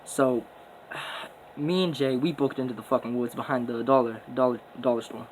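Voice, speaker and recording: A young man spins a rambling, boastful story full of swearing and street slang. His voice sits at an ordinary middle pitch. He records casually at home, with a faint hiss in the background. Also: steady tone, normal speed, poor audio.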